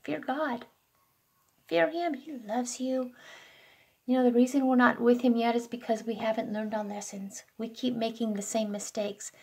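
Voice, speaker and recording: A woman's voice: on the high side, fairly even intonation, normal speed, vocal fry, slightly rough. A woman delivering an earnest, emotional spoken prophecy, pleading with listeners and close to tears. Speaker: self-styled prophet.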